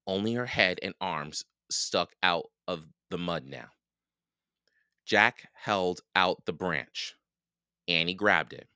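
Man, deep voice, slow, children's book reading, dry close recording. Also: clean tone, no room sound. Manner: slow, expressive storytelling. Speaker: podcast read-aloud host.

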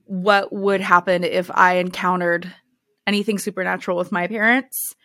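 A woman's voice: fairly low pitch, little pitch movement, moderate pace, fairly bright tone, dry recording, clean studio sound. A woman host in casual conversation, reflecting thoughtfully between brief reactions. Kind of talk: casual chat.

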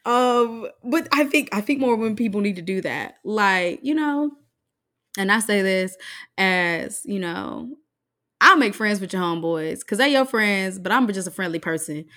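A woman co-hosting a casual chat with a brash, outspoken delivery. Her pitch moves a lot, rising and falling as she gets animated. She laughs often between her points. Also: moderate pace.

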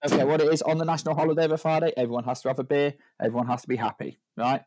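A man's voice: on the high side, level tone, very fast, darkish tone, a little hiss or hum. Rambling joking man. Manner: rambling, jokey, stacks up "right?" tags. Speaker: podcast co-host. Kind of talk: casual chat.

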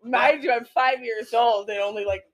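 A woman's voice: on the high side, steady tone, normal speed. A young woman co-hosting a podcast in casual chat, laughing often and teasing back playfully. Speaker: podcast co-host.

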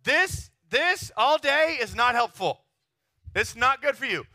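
A pastor from Texas preaching a sermon in a lively, chatty way, often checking in with his listeners. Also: very high-pitched, takes it slowly, no echo, studio quality. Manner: animated, chatty, keeps asking the crowd "right?".

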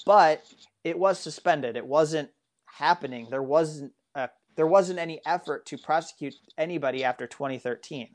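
A man's voice: on the high side, normal speed. A man co-hosting a casual political discussion, talking earnestly and rambling with frequent restarts. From United States. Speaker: political commentary co-host.

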